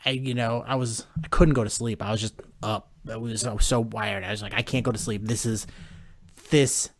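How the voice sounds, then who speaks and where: A man co-hosting a sports podcast from a room at home, retelling a story animatedly with halting restarts. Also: on the low side, steady tone, no echo. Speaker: podcast co-host. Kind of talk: casual sports chat.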